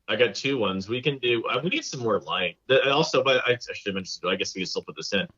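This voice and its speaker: A man's voice: lowish voice, animated, fast talker, bright, forceful tone, husky, dull audio. A man co-hosting a casual movie podcast, blunt and rambling with jokes. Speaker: podcast co-host.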